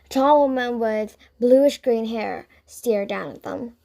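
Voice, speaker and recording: A woman narrating a children's audiobook in an expressive read-aloud manner. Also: fairly high pitch, takes it slowly, creaky.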